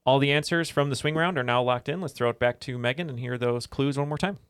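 A man's voice: medium pitch, fast, fairly bright tone, smooth, dry recording. Man, quiz contestant, chatty, self-deprecating, dry close-miked sound. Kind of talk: casual chat.

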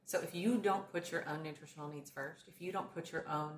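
A woman's voice: deep voice, fairly even intonation, brisk. A woman co-hosting a casual podcast chat as a coach, talking in an emphatic, motivational way. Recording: roomy with faint background noise.

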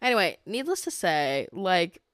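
A woman's voice: fairly low pitch, big pitch swings, moderate pace, fairly bright tone, dry recording, clean studio sound. A woman hosting a casual chat with her best friend, candid and chatty. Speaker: podcast host.

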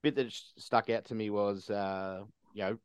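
A man's voice: on the low side, fairly even intonation, moderate pace, clean tone, no echo. A man, interviewing a guest in a friendly, conversational way. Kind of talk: casual interview.

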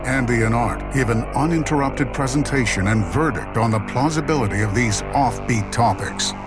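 A man's voice: medium pitch, moderate pace. A man narrating a scripted show intro in a mock-ominous, teasing way. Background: loud music.

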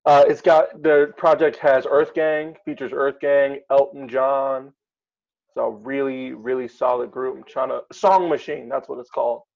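A man's voice: mid-range voice, fairly even intonation, moderate pace, vocal fry, a little mellow, muffled recording. A man co-hosting a casual chat, talking hesitantly with many ums and uhs. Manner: hesitant, many fillers while reading lists. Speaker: podcast co-host.

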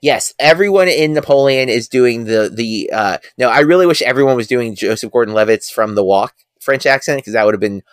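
A man's voice: medium pitch, fairly quick, hardly any pauses, no echo. A man co-hosting a movie podcast, talking in a loose, rambling way full of restarts. His voice sits mid-range, and the close mic keeps it dry with no room sound. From United States. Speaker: podcast co-host. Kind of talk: casual podcast chat.

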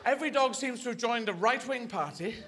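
High-voiced male stand-up comedian. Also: lively intonation, fairly quick. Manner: rambling, playful storytelling. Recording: live show with clear crowd noise.

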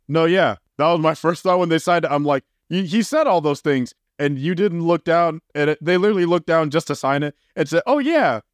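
A man with a slightly raised voice joins a casual movie review chat, wry and quick to laugh at the plot. His voice is recorded dry and close to the mic. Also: on the high side, no room sound. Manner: wry, laughing, reads off a list. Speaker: podcast co-host.

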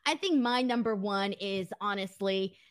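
A woman's voice: medium pitch, a little slow, smooth, no echo, clean studio sound. A woman hosting a casual podcast, chatty and giggly, saying "like" a lot as she reads viewer messages. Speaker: host.

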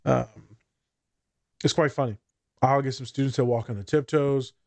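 A man's voice: normal speed, creaky, no room sound. A man in casual podcast talk, voice sitting in an ordinary middle range. He laughs a lot and acts out quotes in a raised voice. The sound is dry and close, with no room around it. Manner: laughs often, animated quoting in a higher voice. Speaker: podcast host. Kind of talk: casual chat.

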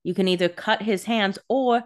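A woman's voice: medium pitch, normal speed. A woman co-hosting a podcast, giving wry, profane commentary in casual chat. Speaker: podcast co-host.

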